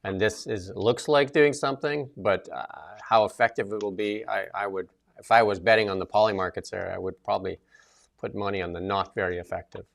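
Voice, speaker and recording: A man's voice: fairly low pitch, brisk, creaky. A middle-aged man co-hosting a casual political chat, rambling with many fillers and restarts. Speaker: co-host.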